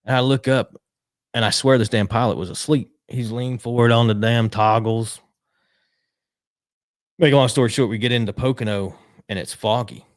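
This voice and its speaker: A man telling a lively story in casual talk, acting out what people said and swearing casually. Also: mid-range voice, normal speed, dry recording, clean studio sound. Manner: animated, acts out quotes, swears casually. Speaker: retired pit crew member, guest.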